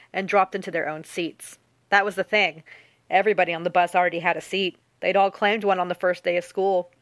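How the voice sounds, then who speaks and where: Woman audiobook narrator, lowish voice, steady delivery, dry close mic. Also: no room sound. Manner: even, steady storytelling.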